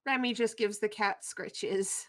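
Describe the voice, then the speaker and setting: A woman's voice: medium pitch, fairly even intonation, measured pace, fairly bright tone. A woman player in a tabletop game, cheerfully describing her character's actions.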